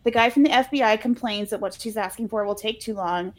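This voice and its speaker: A woman's voice: on the high side, brisk. A woman co-hosting a casual podcast, telling a movie scene by scene, laughing often and slipping into little voices when she quotes the characters. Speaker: podcast co-host recapping a movie. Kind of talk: casual chat.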